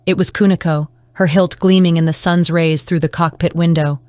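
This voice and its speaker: Woman audiobook narrator, low and steady, dry close recording. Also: brisk, few pauses, dry recording. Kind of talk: scripted narration.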